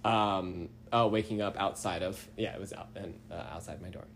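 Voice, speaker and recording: A man's voice: sits low, steady tone, moderate pace, slight background noise. A young man casually telling a story on a podcast, rambling and self-deprecating, often laughing mid-sentence. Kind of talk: casual chat.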